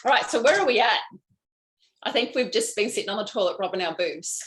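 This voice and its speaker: A woman's voice: medium pitch, expressive, brisk, fairly bright tone, slight background noise, rough recording. Bubbly Australian woman hosting a live stream. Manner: bubbly, chatty, frank. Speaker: host, lymphatic health practitioner. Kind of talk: live-stream chat answering viewer comments.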